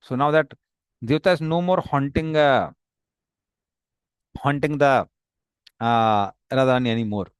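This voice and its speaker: A man's voice: mid-range voice, unhurried, pauses often, smooth, dry recording, clean studio sound. A man teaching a scripture class, explaining the text with many fillers and restarts. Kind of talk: explaining a text, paraphrasing dialogue.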